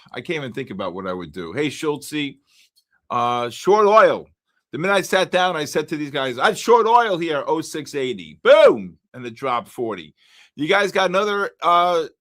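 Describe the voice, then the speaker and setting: An older man hosting a live trading stream, chatting casually, greeting viewers by name and breaking into loud exclamations. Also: on the high side. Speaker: livestream trading host.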